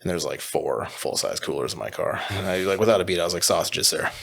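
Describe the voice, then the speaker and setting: Deep-voiced fast-talking man telling stories. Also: vocal fry. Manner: animated anecdotes with quoted voices and laughter. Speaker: butcher and sausage business co-owner, guest. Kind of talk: casual podcast storytelling.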